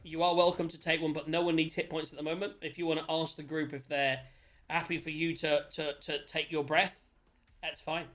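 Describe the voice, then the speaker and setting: A man's voice: on the high side, flat delivery, brisk, a bit bright. A man narrating a tabletop game as game master, chatty and laughing as he describes the scene.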